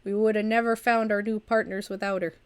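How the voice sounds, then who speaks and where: A woman's voice: mid-range voice, flat delivery, fairly quick, clear, resonant tone, close to an everyday voice. A woman voicing an intense old Russian-accented man. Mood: defensive. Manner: intense, defensive.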